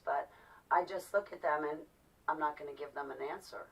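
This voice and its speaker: A woman's voice: low-pitched, brisk. A woman talking to camera in a personal monologue, impassioned and emphatic. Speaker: vlogger. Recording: distant mic, dull lo-fi sound.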